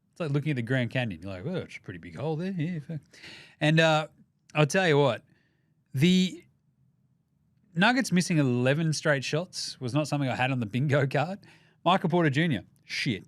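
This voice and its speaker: This podcast host has a slightly high voice and an Australian accent, recorded dry. His casual sports commentary show is profane, jokey and animated throughout.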